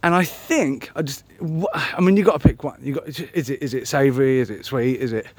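A man's voice: medium pitch, fairly quick, no room sound. A man musing aloud on a solo podcast, meandering and self-mocking, with many ums and restarts. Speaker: podcast host. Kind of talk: rambling solo podcast chat.

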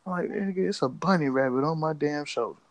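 A man's voice: fairly high pitch, quick pace, noisy background. A young man, a podcast co-host, telling a story in casual slang and acting out his own reactions.

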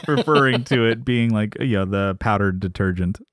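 Low-voiced man recapping a sitcom. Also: a little slow, dry recording, studio quality. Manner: animated retelling with quoted voices and laughs. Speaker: podcast co-host. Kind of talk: casual chat recapping a sitcom episode.

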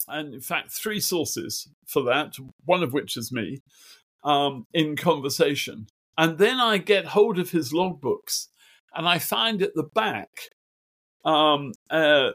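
A man's voice: mid-range voice, no room sound. Man telling anecdotes, dry close sound. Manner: animated anecdotes with acted quotes, many fillers. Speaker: guest biographer. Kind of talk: conversational interview storytelling. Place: home office desk.

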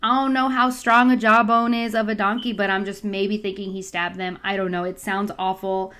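Young adult woman, casual storyteller, lively and slangy, middle pitch. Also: normal speed. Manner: chatty, animated, acts out voices with slang. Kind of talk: casual Bible story retelling.

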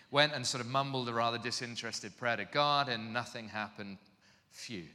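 A man preaching in an animated, self-mocking storytelling way, heard in a reverberant hall. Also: mid-range voice, moderate pace, a little hiss or hum. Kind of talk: storytelling sermon.

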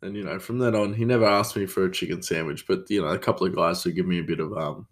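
A man's voice: low-pitched, fast. A man with an Australian accent, rambling through a casual story as host of his own show. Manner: rambling, animated storytelling with many fillers. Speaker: podcast host, chef.

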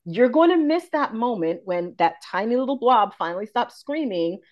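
A woman's voice: fairly high pitch, lively intonation, moderate pace, dull audio. A woman in her forties, a confidence coach and podcast guest, talking frankly and expressively in casual conversation, swearing freely.

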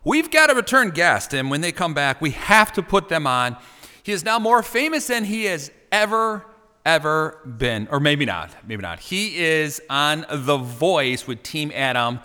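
A man's voice: fairly high pitch, big pitch swings, a little slow, clean tone, in a large hall. A man hosting a live show from Chicago, teasing his guest in a playful, jokey way. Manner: playful teasing, big swings in loudness. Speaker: radio show host. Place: studio in Chicago.

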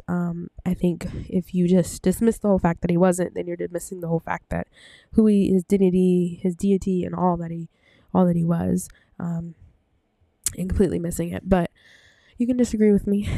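With a fairly low, gravelly and mellow voice, a woman gives an informal Bible talk at normal speed and with flat intonation. She rambles, fills pauses, corrects herself and is a bit short of breath. The desk-microphone recording is dry.

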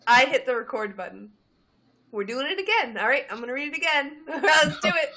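A woman's voice: high-pitched, expressive, brisk, bright, forceful tone. A woman hosting a podcast in casual chat, giggling often and teasing her guest with crude banter. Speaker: podcast host.

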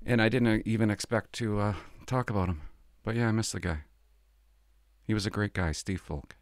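A man's voice: lowish voice, steady tone, normal speed, dry recording, clean studio sound. A middle-aged man from Canada, a former police officer, talking casually and confidingly on his podcast, rambling and laughing as he tells stories.

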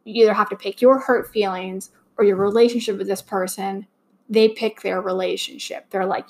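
A woman's voice: medium pitch, fairly even intonation, normal speed, a little mellow. A young adult woman hosting a fan podcast, talking in a rambling, heartfelt way with lots of fillers and restarts, a little choked up. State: slightly choked up. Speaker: podcast host. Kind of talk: casual fan podcast monologue.

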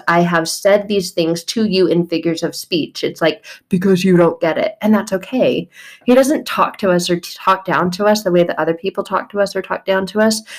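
A woman in her thirties giving a casual devotional talk, bubbly and chatty, often breaking into laughter. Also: on the low side. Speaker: faith vlogger.

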